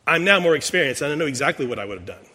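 A man's voice: a little high, sing-song, rapid-fire, pushed and bright, breathy edge. A pastor in his sixties giving a sermon, telling a personal story in a conversational way, often restarting his words. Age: 60s. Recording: long reverb in a large hall.

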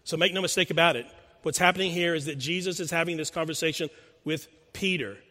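Earnest preacher in a reverberant hall. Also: male voice, fairly high pitch, fast, sharp tone. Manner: earnest storytelling, asks the listeners questions. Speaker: pastor. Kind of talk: sermon.

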